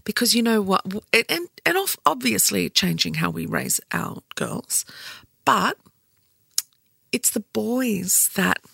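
A woman's voice: medium pitch, animated, slow, gravelly, pushed and bright, slightly rough, dry recording, studio quality. A woman with an Australian accent hosting a casual solo podcast, chatty and jokey, rambling with asides and laughs. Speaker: podcast host. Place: indoor studio.

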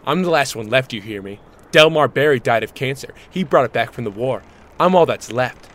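A man voicing a young man who has turned into a menacing, gravelly action-movie survivalist in a comedy skit. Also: medium pitch, animated, fairly quick, a bit bright, natural voice. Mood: brooding.

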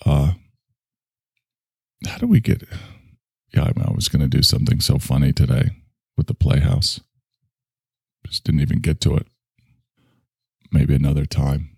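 A man's voice: very deep voice, fairly even intonation, a little slow, creaky, pauses often, mellow, breathy edge, no room sound, studio quality. A man hosting a casual solo podcast monologue, rambling and self-mocking while in back pain. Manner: rambling, self-mocking, swings between grumbling and enthusiasm. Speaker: podcast host.

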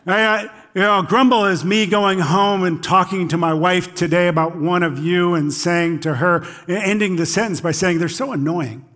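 A middle-aged man preaching in a fairly high voice. He keeps it conversational and often checks in with "right?" His tone is easygoing, like he is talking with the congregation. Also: fairly even intonation, moderate pace, hardly any pauses, fairly bright tone. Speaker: pastor. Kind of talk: sermon.

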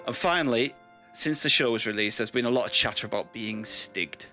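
A man's voice: medium pitch, brisk. A man, a podcast host, reading a mock-solemn comic apology with theatrical flair. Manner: theatrical, mock-solemn, building to loud whoops. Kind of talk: scripted comic apology over music. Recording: faint music behind.

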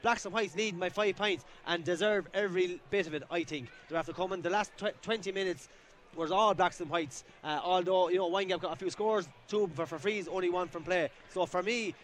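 An Irish man gives rapid co-commentary analysis at a hurling match. He talks in a fairly high voice and rambles, piling up restarts and fillers as he works through his points. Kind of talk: live sports analysis. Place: outdoor sports ground.

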